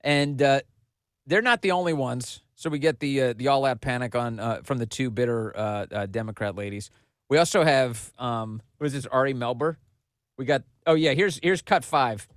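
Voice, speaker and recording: Man, podcast host, sarcastic commentary, mocking tone, mid pitch, dry recording. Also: moderate pace, no room sound. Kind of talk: political commentary.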